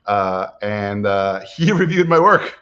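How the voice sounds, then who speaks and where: Low-voiced man telling his story. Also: takes it slowly, muffled recording. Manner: lively anecdotal, acts out quotes, frequent "uh". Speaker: animation guest speaker. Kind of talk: personal storytelling.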